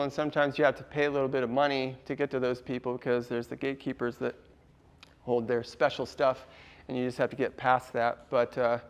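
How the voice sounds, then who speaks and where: A man's voice: mid-range voice, clean tone. A man presenting a casual workshop to a live audience, laughing often and quizzing the room.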